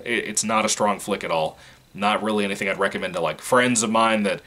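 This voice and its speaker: A man's voice: lowish voice, fairly bright tone. A man from Virginia giving a casual, rambling movie review, frank and profane, often breaking into laughter.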